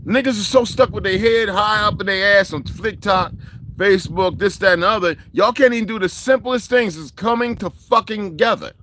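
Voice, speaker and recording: A man on a livestream, lecturing his viewers in a coarse, combative rant. His voice sits a little high for a man. A faint hiss runs underneath. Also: a little fast, a bit bright. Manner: profane, confrontational, lecturing viewers. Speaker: livestream host.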